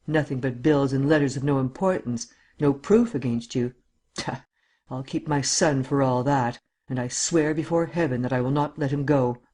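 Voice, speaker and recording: A man reading the part of a cruel, cold aristocratic husband, speaking low and menacing. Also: moderate pace, darkish tone, natural voice. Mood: gloating.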